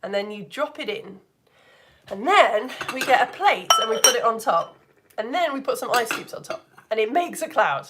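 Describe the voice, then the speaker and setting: A chatty, enthusiastic woman runs a live online science lesson and keeps quizzing her viewers. Her voice sits fairly high and swoops up and down with lots of expression. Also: very animated, moderate pace, fairly bright tone, slight background noise. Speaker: science teacher.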